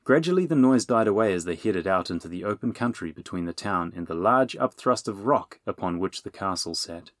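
A man narrating a children's adventure audiobook in a steady, even reading voice, on a close mic. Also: sits low, fairly quick, hardly any pauses, dry recording. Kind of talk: scripted storybook narration.

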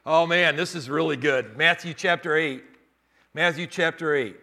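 A man preaching a sermon as pastor, switching between loud, rising preaching and quieter teaching, and laughing often. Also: a little high, measured pace, creaky, pauses often.

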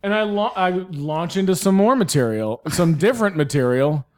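Young man, raised in the South, casual storyteller, lively swings in pitch. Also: normal speed. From American South. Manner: animated, acts out voices in anecdotes, swears. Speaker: guest comedian.

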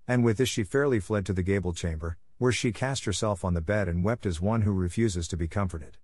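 A man narrating a classic storybook in a measured, steady reading. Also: deep voice, husky, dry recording. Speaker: audiobook narrator.

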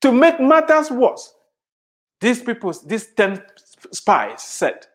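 A preacher in full sermon mode, with a voice whose pitch rises and falls in wide, animated swings. The delivery is emphatic and driven by repetition, circling back to key phrases again and again. Rhetorical questions are thrown out to the congregation throughout. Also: slow.

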